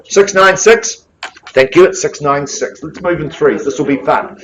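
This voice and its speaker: A man calling a live property auction, jovial and brisk, joking with bidders between calls. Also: on the high side, crowd noise, poor audio. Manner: brisk, jovial patter with quick asides to bidders. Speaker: real estate auctioneer. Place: auction room with bidders present.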